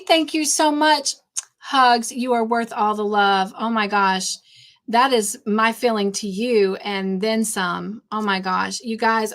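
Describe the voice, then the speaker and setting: A woman hosting a casual live stream, warmly greeting chat viewers by name and chatting between tasks. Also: mid-range voice. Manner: warm, effusive greetings to chat viewers, easily sidetracked. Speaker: livestream host.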